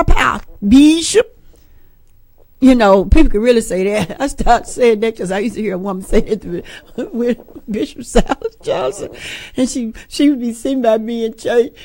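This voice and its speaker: A woman's voice: high-pitched, no echo. A middle-aged woman, preaching an informal sermon with folksy jokes and asides to the congregation.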